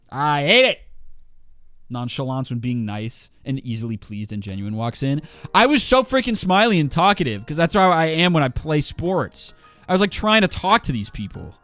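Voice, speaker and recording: A man's voice: fairly high pitch, dry recording. Twenty-something guy streaming and ranting, voice bouncing all over, swears a lot, faint music behind. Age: 20s. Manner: animated, swearing, lots of fillers and restarts. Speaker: livestreamer. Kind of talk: casual ranting chat while gaming.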